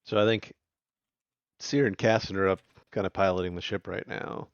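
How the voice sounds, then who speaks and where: A man playing a tabletop game, talking casually and haltingly about the story. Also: deep voice, fairly even intonation, no room sound, dull audio. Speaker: player. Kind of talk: casual chat.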